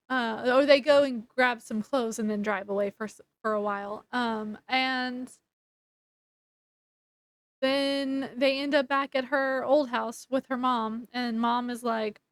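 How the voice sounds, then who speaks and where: A woman casually retelling a novel's plot in a rambling, chatty way, full of fillers and restarts. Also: high voice. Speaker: book reviewer. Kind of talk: casual book review recap.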